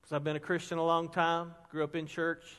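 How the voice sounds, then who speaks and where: A middle-aged man preaching a sermon as a pastor, telling stories with energy and dropping to a hush for emphasis. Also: on the high side, a little fast, smooth. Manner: animated storyteller, drops to a hush for emphasis. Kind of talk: sermon with storytelling. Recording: long hall reverb.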